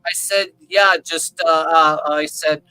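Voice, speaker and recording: Bright-voiced man telling a rambling story. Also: a little high, takes it slowly, clear, resonant tone, no room sound, poor audio. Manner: rambling, animated, keeps checking in with the listener. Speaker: open panel participant. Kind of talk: casual storytelling. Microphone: video call.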